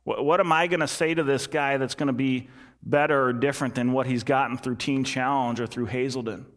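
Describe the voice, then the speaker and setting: A male pastor preaches earnestly and fairly quickly, repeating key lines and letting his voice drop soft and low for emphasis. His intonation stays fairly even.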